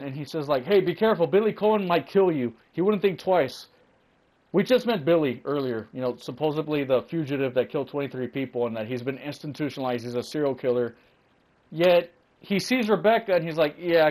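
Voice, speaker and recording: A young man commentating a video game playthrough in casual, excitable chatter, swearing and rambling as he goes. His voice sits a bit high and swings widely. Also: rough recording. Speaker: let's play gamer.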